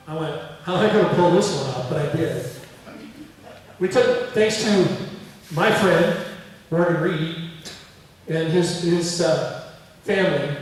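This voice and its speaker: Middle-aged male lecturer, higher register, animated storyteller; distant mic in a roomy museum hall. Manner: animated anecdotes, acting out quoted voices. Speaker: museum speaker.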